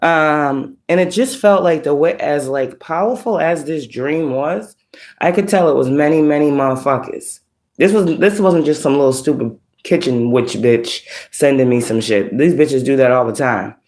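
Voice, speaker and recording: A woman, working as a spiritual reader, casually retelling a dream to her online audience in a profane, animated, laughing way. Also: deep voice, normal speed.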